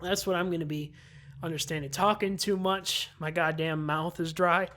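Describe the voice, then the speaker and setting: A woman doing let's-play commentary on a visual novel, reacting loudly with profane jokes. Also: lowish voice, steady tone, normal speed. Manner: loud, profane, joking reactions. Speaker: gamer.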